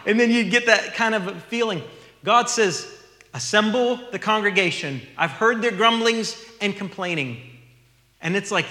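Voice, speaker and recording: Pastor, male, bright high voice, earnest sermon delivery, echoey church hall. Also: moderate pace. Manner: earnest, teaching, reads scripture aloud.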